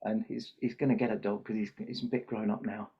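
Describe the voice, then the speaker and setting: Older man telling a children's story, gravelly. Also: fairly low pitch, a little fast. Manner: animated storyteller acting out characters' lines. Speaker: podcast guest, Santa performer. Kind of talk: storytelling in conversation. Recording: muffled lo-fi podcast audio.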